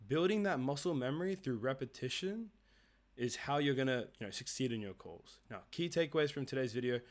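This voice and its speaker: A man teaching a relaxed, conversational lesson on making sales calls. His pitch sits in the middle range. He explains points in a loose, chatty way and often ends them with a quick "right?" or "okay?". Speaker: sales coach.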